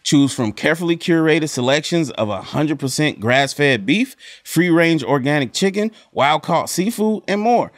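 A man's voice: a little high, animated, normal speed, hardly any pauses, dry recording, clean studio sound. A man reading a podcast sponsor spot in an upbeat, chatty way. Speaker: podcast co-host. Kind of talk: ad read.

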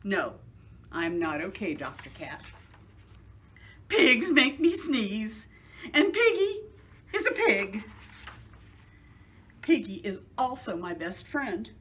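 A woman voicing a fretful, dramatic male elephant who stammers and sneezes loudly. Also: mid-range voice, very animated, slow pace, long pauses, a little hiss or hum. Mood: worried. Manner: stammering before loud sneezes.

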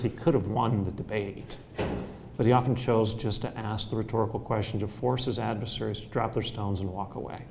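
A man speaking as a university president on a conference panel, forthright and preacherly, building to loud, emphatic rhetoric. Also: lowish voice, a little hiss or hum. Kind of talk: panel discussion answer. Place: conference hall.

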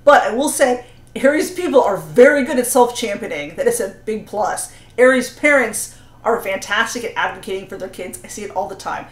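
A woman's voice: medium pitch, lively intonation, fairly quick. A woman giving parenting advice to camera, explaining earnestly with many "you know"s and "right?"s. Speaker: parenting coach and astrologer. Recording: roomy echo.

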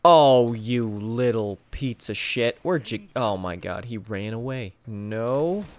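Excitable young man narrating his gameplay. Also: medium pitch, slow. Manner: excitable, swings between mumbled asides and yelps. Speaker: gaming YouTuber. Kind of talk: casual gameplay commentary.

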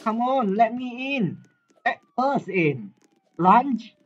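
A man hosting a live game commentary, excitable and often shouting as he plays. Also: very high voice, takes it slowly, dull audio, slight background noise. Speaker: gaming channel host.

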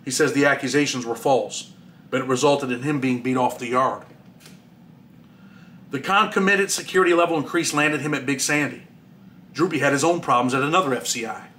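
A man's voice: mid-range voice, brisk, fairly bright tone, slight background noise. A man, the author, reading his own memoir aloud in a plain storytelling way with dry asides.

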